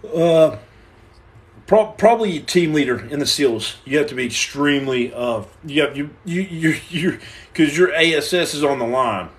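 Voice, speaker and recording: High-voiced, playful American man. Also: moderate pace. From United States. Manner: animated and playful, acts out scenes and repeats himself; stammers and restarts. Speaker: livestream host answering viewer questions. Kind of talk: joking live-stream chat.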